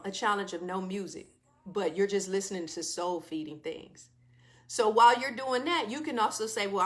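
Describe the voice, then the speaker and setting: A woman hosts a wellness talk, speaking to her listeners in a familiar, preachy way. She laughs often as she talks. Her voice sits at a middle pitch. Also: fairly bright tone. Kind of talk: live wellness talk to an audience.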